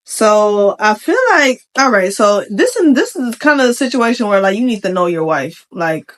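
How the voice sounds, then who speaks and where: A young adult woman giving casual commentary on a Reddit post, chatty and slangy, with frank opinions and quick asides. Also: mid-range voice, sing-song. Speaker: vlogger reacting to a Reddit post.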